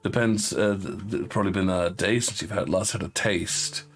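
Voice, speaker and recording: A man narrating as game master of a tabletop game, halting with fillers and restarts. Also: low-pitched, soft background music.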